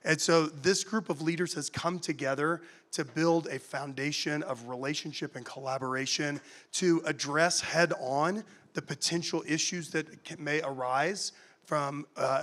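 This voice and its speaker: Man on a panel, slightly higher voice, earnest, lots of uhs. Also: fairly bright tone. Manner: earnest, with frequent uhs and restarts. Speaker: panelist, former state official. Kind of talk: panel discussion answer. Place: conference stage before an audience.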